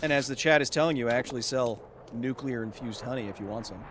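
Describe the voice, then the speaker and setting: A man's voice: mid-range voice, fast, noisy background. A man streaming a video game live, yelping in surprise at enemies and explaining science at length to his chat. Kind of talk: live gameplay commentary. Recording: loud game gunfire behind voice. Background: game gunfire and ambience.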